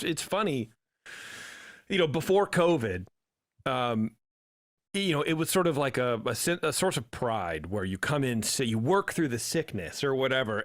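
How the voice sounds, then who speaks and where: Man, podcast co-host, lively storytelling delivery, close dry mic. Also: on the high side, dry recording. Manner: animated storyteller, acts out quotes. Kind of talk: casual chat.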